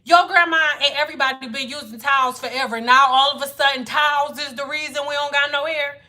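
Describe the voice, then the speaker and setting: A woman's voice: sits high, steady tone, quick pace, bright, forceful tone. A woman hair care educator talking to viewers on a casual livestream, blunt and exasperated, with a lot of swearing. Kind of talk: casual livestream lesson and rant.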